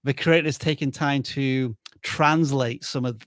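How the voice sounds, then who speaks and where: A man's voice: mid-range voice, fairly even intonation, measured pace, fairly bright tone, dry recording, studio quality. A man co-hosting a live stream in casual chat, playful and thinking aloud. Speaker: livestream co-host.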